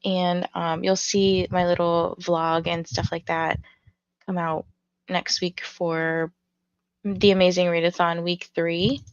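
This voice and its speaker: Woman, stream host, just woken up: low morning voice, rambling chat, dry muffled mic. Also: level tone, takes it slowly, clean tone, no echo. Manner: rambling, many fillers. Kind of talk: casual livestream chat.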